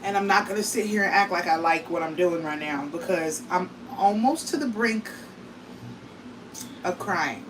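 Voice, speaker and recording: A woman's voice: fairly low pitch, moderate pace, distant mic, background noise. A woman vlogging casually from her home kitchen, talking straight to her viewers in a tired, emotional way. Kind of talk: casual vlog talk to viewers.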